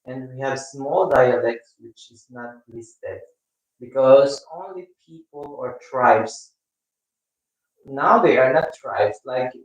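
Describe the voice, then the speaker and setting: A man with a Filipino accent hosting a casual live stream, chatting with viewers in a rambling, halting way. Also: medium pitch, lo-fi sound. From Philippines. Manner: rambling, halting, with many restarts. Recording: echoey room, mic at a distance.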